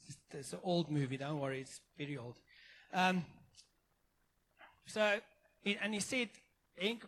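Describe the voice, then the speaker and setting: A man with a South African accent giving an informal, earnest sermon to a church congregation, with many halting restarts. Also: sits high, slight background noise, rough recording. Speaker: guest preacher.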